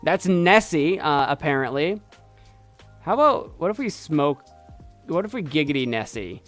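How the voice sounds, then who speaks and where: A man streaming a game, chatting playfully and excitedly as he thinks aloud. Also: fairly high pitch, a little slow, soft background music. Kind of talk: casual gameplay commentary.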